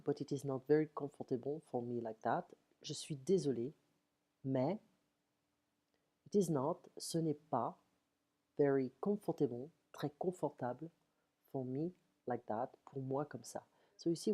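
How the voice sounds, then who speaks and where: A woman's voice: extremely low pitch, dark tone, husky. A woman teaching a French lesson online from home, saying phrases in English then French and checking in with "okay?" often. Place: home at night.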